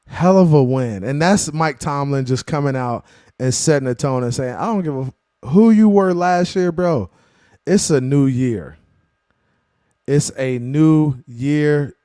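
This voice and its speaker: A man in the middle of his voice range, hosting a post-game sports live stream. He talks in a loose, slangy way, greeting viewers and answering their chat messages with plenty of energy. The sound is dry, with no room echo. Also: mid-range voice. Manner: slangy, animated, calls viewers "bro" and "man".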